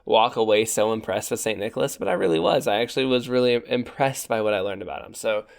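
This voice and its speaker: A man's voice: on the low side, quick pace, gravelly. A young man co-hosting a podcast, talking casually and chattily with fillers and restarts. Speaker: podcast co-host.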